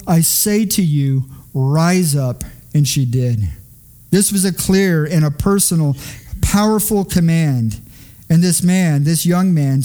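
Male pastor, sermon delivery, high pitch, warm, soft-edged tone, earnest and questioning. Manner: earnest, questioning, slows on key phrases.

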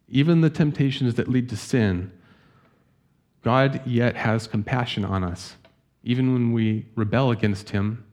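In a mid-range voice, a pastor addresses his congregation with a sermon, gently and earnestly reading scripture aloud at a slow pace.

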